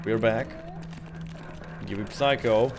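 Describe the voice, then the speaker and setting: A man's voice: fairly low pitch, slow, noisy background. A man giving casual live-stream gaming commentary, rambling with lots of fillers. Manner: rambling, filler-heavy, animated.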